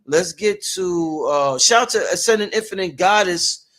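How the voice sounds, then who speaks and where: A man hosting a casual livestream interview, animated and exclaiming, reading out viewer questions. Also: high-pitched, unhurried. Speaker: livestream host.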